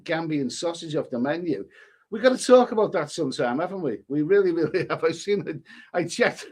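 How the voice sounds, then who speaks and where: A middle-aged man from England hosting a casual live stream, reading out viewer names and messages and chatting about them. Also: a little high. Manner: rambling, chatty, reads out usernames and messages.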